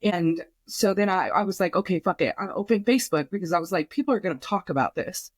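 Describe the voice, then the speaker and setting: A woman's voice: lowish voice, quick pace, no room sound. A young woman on a podcast, telling an emotional personal story in a rambling way, full of fillers and swearing, quoting herself. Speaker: podcast guest.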